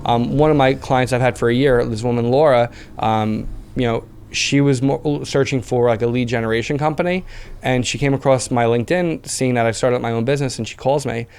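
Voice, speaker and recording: A man in his thirties chats as a podcast guest with a smooth, resonant voice at an ordinary middle pitch. He tells his story in a lively, casual way, leaning on plenty of filler words as he goes. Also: brisk. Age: 30s. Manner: animated storyteller, heavy fillers. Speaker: podcast guest, business owner. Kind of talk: casual interview chat.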